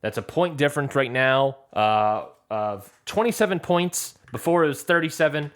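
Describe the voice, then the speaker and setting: A man with a voice of middling pitch co-hosts a podcast in relaxed, casual chat. He teases his partner with playful banter as he talks through the episode. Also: moderate pace. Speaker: podcast co-host.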